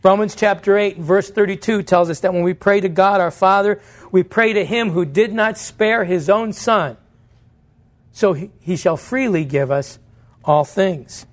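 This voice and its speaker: Preaching in church a little slowly, a pastor with a high male voice speaks earnestly and directly. He poses questions to the congregation and then answers them himself.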